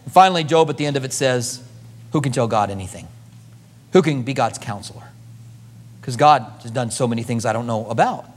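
A man preaching a sermon, moving between loud emphasis and hushed asides, then leading a prayer. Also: mid-range voice, brisk, long pauses, big-room sound. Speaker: pastor.

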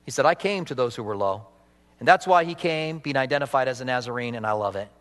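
A man preaching a sermon as pastor, animated with humorous asides, then leading a prayer. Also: medium pitch, quick pace. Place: church sanctuary. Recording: reverberant church hall.

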